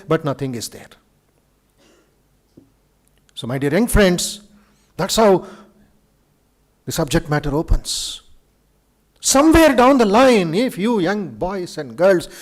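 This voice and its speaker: A monk with an Indian English accent giving a lively spiritual lecture to students in a university auditorium, telling stories with dramatic flair. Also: male voice, high voice. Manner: animated storyteller, acts out quoted speech, chuckles.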